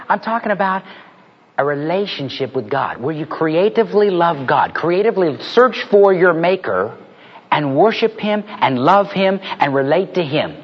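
A man preaching a sermon, telling humorous stories and building to punchlines in an animated way. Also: on the high side, normal speed, slightly rough. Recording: dull lo-fi recording.

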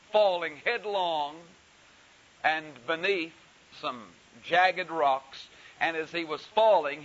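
A man preaching a sermon, telling a story slowly and deliberately with frequent pauses. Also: on the high side, bright, forceful tone. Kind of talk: sermon with anecdote. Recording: dull hissy recording.

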